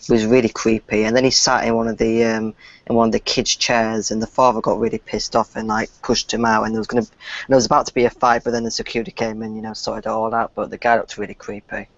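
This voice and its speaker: A man's voice: on the low side, level tone, quick pace, dry recording. A man in casual chat, telling a story in a rambling way full of fillers. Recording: dull, dry lo-fi audio.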